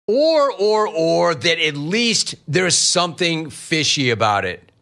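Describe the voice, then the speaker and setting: A middle-aged man hosting a sports talk radio show, riffing lively on callers and the news. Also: a little high, takes it slowly, creaky. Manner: lively, riffing, mock-quoting callers and family.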